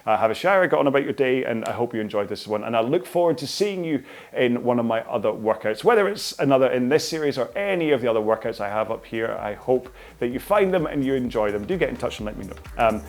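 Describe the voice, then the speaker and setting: A man's voice: medium pitch, animated, fast. Man coaching a workout cooldown, loose and self-mocking, close-miked. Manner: chatty, rambling, laughs at his own slips. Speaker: rowing and fitness instructor. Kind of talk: follow-along workout instruction. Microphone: microphone close in front of his chin.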